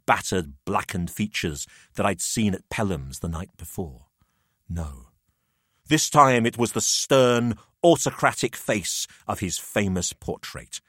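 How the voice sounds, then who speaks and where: A man narrating a macabre tale in the first person, expressive and dramatic. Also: mid-range voice, slightly rough, no room sound, clean studio sound. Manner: expressive, rising to frantic shouts in dialogue.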